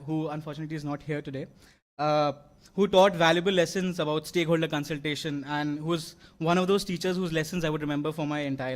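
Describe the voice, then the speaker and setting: A young man, giving an earnest graduation speech with many fillers and restarts. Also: a little high. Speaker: award-winning graduate. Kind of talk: convocation speech. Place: large convocation hall.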